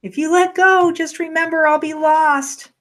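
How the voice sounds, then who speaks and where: A woman narrator voicing a calm, insistent woman who hangs from a rope and politely pleads to be held. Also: very high-pitched, unhurried, voice pushed up. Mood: pleading.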